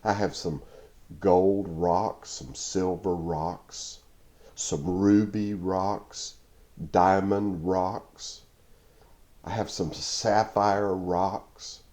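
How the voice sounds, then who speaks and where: A man voicing a gentle, patient father who speaks softly and unhurriedly to his little daughter. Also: deep voice, fairly even intonation. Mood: gentle, coaxing. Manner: soft and unhurried.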